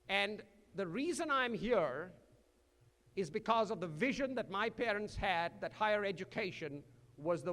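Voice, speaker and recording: An older man from India, giving a commencement address with dry humor and slow emphatic phrasing. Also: high-pitched, fairly bright tone. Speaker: commencement speaker. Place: large hall. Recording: echoey hall.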